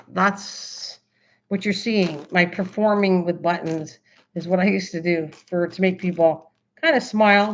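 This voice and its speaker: A woman hosting a casual craft livestream, chatting excitedly and answering her chat as she goes. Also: on the low side. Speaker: livestream host. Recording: slightly dull lo-fi stream audio.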